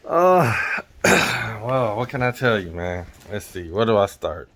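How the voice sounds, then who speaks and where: A man's voice: on the low side, slow pace, fairly bright tone. A man, a truck driver, telling a rambling story in a casual vlog and often correcting himself as he goes. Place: in or near his truck.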